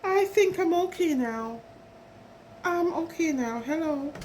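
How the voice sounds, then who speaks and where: A woman voicing an upset little male bird who insists loudly that he feels better. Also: sits high, animated, slow, a little hiss or hum, voice pushed up. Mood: pleading. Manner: shouting, insistent.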